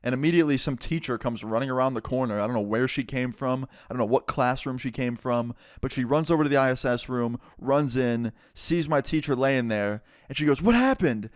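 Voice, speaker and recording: Smooth-voiced young-sounding man telling a story. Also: mid-range voice, dry recording, clean studio sound. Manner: chatty, quick to act out people he quotes, lots of "like". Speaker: storyteller vlogger. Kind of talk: casual story time narration.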